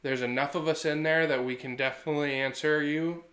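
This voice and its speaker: Brief: male podcast co-host, thirties, slightly higher voice, earnest and animated. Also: fairly quick, echoey room. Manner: earnest, animated storytelling with acted quotes. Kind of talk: casual podcast chat.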